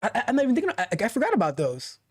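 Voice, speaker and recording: A man's voice: very high-pitched, wildly swooping pitch, racing, slightly rough. A man coaching viewers on a casual coding livestream, pushing his points hard and circling back on his own phrases to drive them home. He chats loosely between points and reads comments from the chat. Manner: emphatic, motivational, repeats phrases for stress. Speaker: tech coach and livestream host.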